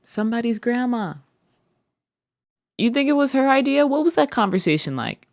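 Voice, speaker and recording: A woman's voice: a little high, sing-song, a little mellow, no echo, studio quality. A woman hosting her own vlog, chatting playfully and rambling as she talks to her viewers. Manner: playful, rambling, drawn-out words. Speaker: host. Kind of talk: casual solo vlog chat. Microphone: listening through headphones.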